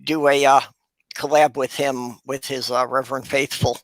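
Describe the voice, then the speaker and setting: A man's voice: medium pitch, flat delivery, moderate pace, a bit bright, no room sound, low-quality recording. A man on a casual online panel, chatty and plugging his own shows. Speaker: panel guest.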